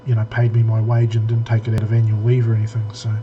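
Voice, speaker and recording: A man's voice: on the low side, completely flat delivery, fast talker, muffled recording, background noise. A man co-hosting a casual tech podcast, rambling with many restarts and fillers. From New Zealand. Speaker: podcast co-host.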